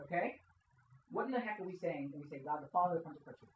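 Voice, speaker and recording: A man's voice: fairly high pitch, expressive, fast, lo-fi sound, slight background noise. A man preaching a casual sermon to young people in a church hall, asking the audience questions and checking in with "okay?". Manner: conversational, quizzes the audience, keeps saying "okay?". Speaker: youth preacher.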